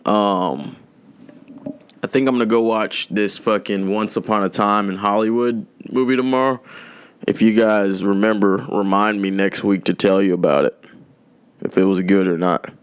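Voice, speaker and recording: Rambling profane man, low voice. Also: steady tone, normal speed, smooth. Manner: rambling, profane, darkly joking, drawn out. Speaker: podcast host. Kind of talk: casual rambling monologue.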